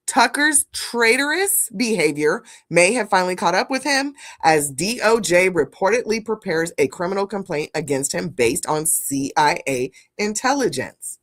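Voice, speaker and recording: Blunt, animated woman streamer. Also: fairly low pitch, moderate pace, hardly any pauses. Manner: animated, blunt, profane, talks to chat as "family". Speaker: streamer commenting on news. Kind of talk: live-stream commentary chat.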